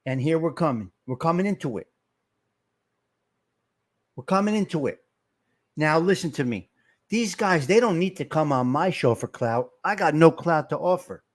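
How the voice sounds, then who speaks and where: A man's voice: on the high side, lively intonation, moderate pace, long pauses. A middle-aged man, hosting a live stream and ranting in a heated, profane way while calling out to his chat. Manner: fired-up, profane, shouting out to chat.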